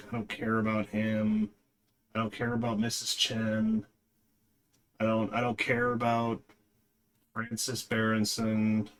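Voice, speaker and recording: A man's voice: on the low side, a bit bright. A man reviewing a movie in a casual, rambling way, with lots of fillers and a dismissive tone.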